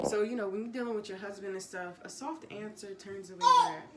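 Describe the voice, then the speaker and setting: A woman giving a relaxed, casual Bible teaching from home, rambling with fillers and self-corrections. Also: medium pitch, fairly quick, few pauses, roomy sound, heavy background noise. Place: home room with pets.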